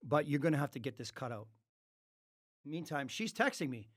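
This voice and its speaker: A podcast guest with a mid-range voice for a man tells a long story at a normal speed during a relaxed chat. He is animated and swears freely, acting out the quoted dialogue of the people in his tale.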